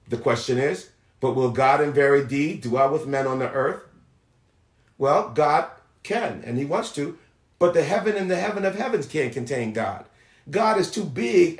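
A male pastor preaching a fervent sermon, drawing out scripture words slowly for emphasis. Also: mid-range voice, echoey room. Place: church sanctuary.

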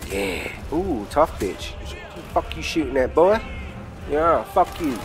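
A British man giving crude, excitable let's play commentary while trash-talking enemies in a war game. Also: a little high, slow. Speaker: gamer. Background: game music and gunfire.

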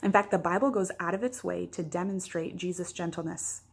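A woman's voice: fairly low pitch, a little fast, vocal fry, husky. A woman pastor giving a daily devotional, teaching earnestly with playful asides.

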